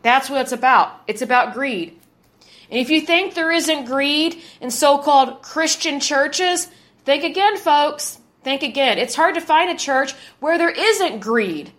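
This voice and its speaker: Woman in her thirties, podcast host, indignant, emphatic, high voice. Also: animated, a little slow, a bit bright. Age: 30s. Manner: indignant, emphatic, repeats words for force. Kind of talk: opinionated commentary monologue.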